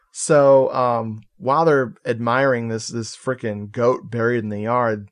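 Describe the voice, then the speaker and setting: A man on a podcast casually recapping a movie plot, animated and joking, with swearing and laughing asides. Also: medium pitch, measured pace, few pauses. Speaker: podcast co-host.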